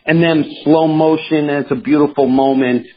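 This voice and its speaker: A man hosting a podcast in casual chat, telling stories in an animated, rambling way with many restarts. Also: a little high, moderate pace, a crowd in the background. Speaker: podcast host. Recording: dull lo-fi sound with faint noise.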